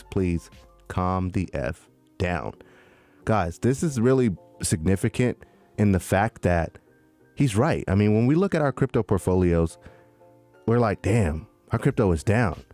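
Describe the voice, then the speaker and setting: Low-voiced animated podcast co-host guy. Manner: animated, slangy, says "man" and "dude" a lot. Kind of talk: casual chat.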